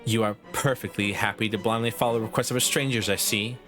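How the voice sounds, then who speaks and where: A man's voice: fairly low pitch, fairly even intonation, fast, over music, lightly acted. Man doing a pompous, lecturing lady professor. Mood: haughty. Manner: haughty, lecturing, clipped. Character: pompous, fussy woman professor who grades everyone.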